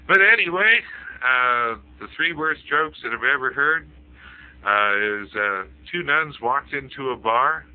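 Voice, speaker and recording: Rambling man telling jokes, tinny sound. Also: mid-range voice. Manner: rambling, peppered with "you know". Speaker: storyteller. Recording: phone-like lo-fi audio.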